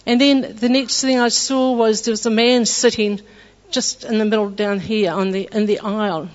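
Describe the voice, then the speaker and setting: A woman giving an earnest church testimony, retelling events in a halting way with restarts. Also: a little high, fairly even intonation. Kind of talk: testimony storytelling. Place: church hall. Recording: dull lo-fi with long hall reverb.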